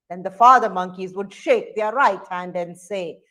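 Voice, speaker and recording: A woman's voice: mid-range voice, measured pace, hardly any pauses. A woman telling a children's story aloud, with sound effects and questions for the audience.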